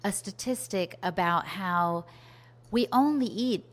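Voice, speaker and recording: A woman hosting a podcast, prompting her guest with relaxed conversational questions. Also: mid-range voice, takes it slowly, big-room sound. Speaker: podcast host. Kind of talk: interview questions.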